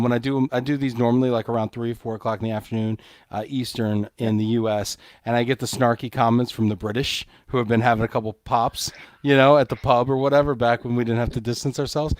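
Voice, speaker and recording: A man's voice: medium pitch, dry recording, clean studio sound. A man hosting a live interview show, upbeat, reading viewer comments aloud and asking follow-up questions. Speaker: host.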